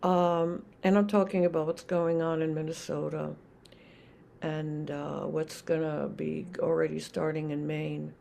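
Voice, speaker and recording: An older woman, a Zen teacher, giving a reflective dharma talk with many pauses and restarts. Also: deep voice, little pitch movement, gravelly, dark tone, a little hiss or hum.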